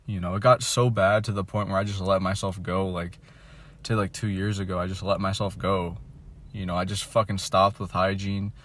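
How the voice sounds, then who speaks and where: A man's voice: sits low, level tone, normal speed, fairly bright tone. A man in his twenties ventingely rambling in a casual monologue, swearing often and filling his talk with "like" and "you know", recorded on a phone. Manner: rambling, profane, deflated, full of "like" and "you know". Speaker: vlogger.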